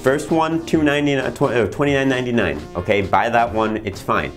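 A man's voice: medium pitch, a little fast, faint music behind. A man hosting a comedic infomercial, rambling through his sales patter with fillers and restarts. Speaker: infomercial host.

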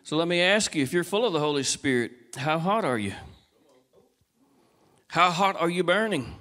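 A man preaching a folksy sermon, asking the congregation questions and moving from quiet, casual talk to raised, urgent calls. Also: a little high, animated, normal speed, long reverb tail. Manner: swings between soft conversational talk and raised, urgent exhortation. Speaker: pastor. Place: church sanctuary.

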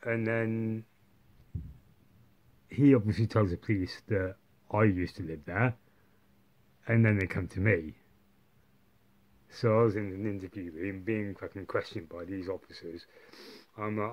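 A man's voice: lowish voice, fairly even intonation, unhurried, long pauses. A man telling a long story to camera, rambling and swearing heavily, with constant tag questions like "yeah" and "right". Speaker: vlogger. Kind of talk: casual monologue.

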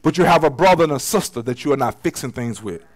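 A man pastor preaching a sermon in a church, casual and slangy, swinging between loud emphasis and quiet, intimate asides. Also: medium pitch, animated, fast, poor audio. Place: church sanctuary.

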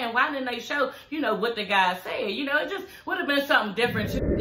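A woman talks straight to her viewers in a loose, profane, chatty way. Her voice is bright and forward. It rings in a roomy echo from her room at home. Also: on the high side. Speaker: YouTube show reviewer. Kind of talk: casual chatty review vlog. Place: home, filming in front of her TV.

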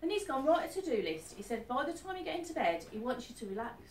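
Chatty woman medium, higher voice, lively, distant echoey room. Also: quick pace. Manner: chatty, keeps asking "are you with me?". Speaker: psychic medium. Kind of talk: live reading to an audience. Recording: echoey room, distant mic, faint noise.

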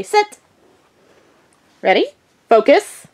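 A woman's voice: fairly high pitch, sing-song, slow pace, long pauses, a little mellow. A young woman vlogging casually, giving her dog short firm commands and sing-song praise.

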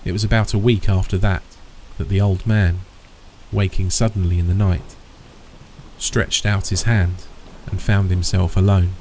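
A man with a very deep, dark, mellow voice reads a horror story aloud, slow and ominous. Faint rain hisses softly behind him. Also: little pitch movement, poor audio. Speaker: narrator. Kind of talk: scripted horror narration.

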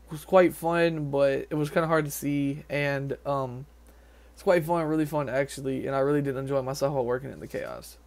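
Outdoors and talking straight to camera, a young vlogger and haunted house actor from Nashville, Tennessee rambles quickly, restarting and using fillers. He has a medium-pitched, creaky voice with a steady tone.

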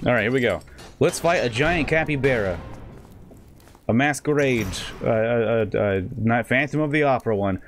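A man giving casual gameplay commentary as a let's play host, joking in rambling asides and breaking into sudden excited outbursts. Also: medium pitch, normal speed, soft background music.

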